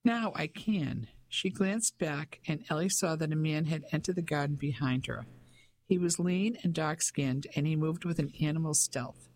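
Man narrating a novel, slightly high voice. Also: steady tone, normal speed, darkish tone. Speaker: audiobook narrator. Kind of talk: scripted narration.

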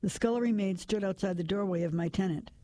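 Mellow woman reading a story aloud. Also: medium pitch, quick pace, dry recording. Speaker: narrator. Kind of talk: first-person storybook narration.

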